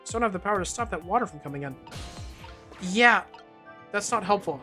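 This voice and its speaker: A gaming streamer playing through a game and reading its lines aloud, with wry, deadpan asides. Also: medium pitch, brisk. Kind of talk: let's-play commentary and reading dialogue aloud. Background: faint game music.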